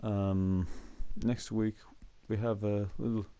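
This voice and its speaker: A fairly low, level voice, slow, mellow, clear and resonant, belongs to a young show host spinning rambling school tales to camera with lots of fillers and chuckles. The recording sounds muffled and the mic cuts out.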